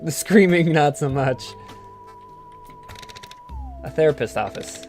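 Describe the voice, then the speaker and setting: A man's voice: a little high, lively intonation, slow, darkish tone. A man voicing a hard-boiled ghost private detective, reading his lines in a dry, world-weary way over faint game music. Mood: wry.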